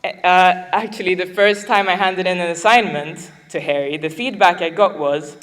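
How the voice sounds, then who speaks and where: A woman's voice: on the low side, moderate pace, a bit bright, big-room sound. A young woman, a graduating student, delivering a prepared graduation speech, heartfelt and a little emotional, with light laughs between her thanks. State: getting emotional.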